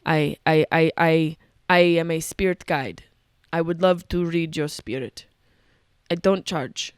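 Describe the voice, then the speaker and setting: A woman's voice: deep voice, a little slow, dark tone, clear, resonant tone, no room sound, studio quality, voice pushed down. A woman voicing an earnest man spirit guide with a foreign accent who stumbles and repeats his words.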